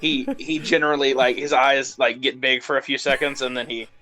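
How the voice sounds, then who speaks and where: Bright-voiced man running a tabletop game. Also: medium pitch, little pitch movement, a little fast, faint music behind. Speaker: game master.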